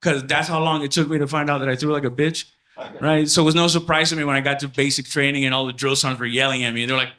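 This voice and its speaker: A man performing a stand-up comedy set at a house party, animated and acting out voices as he tells his stories. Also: medium pitch, fast talker.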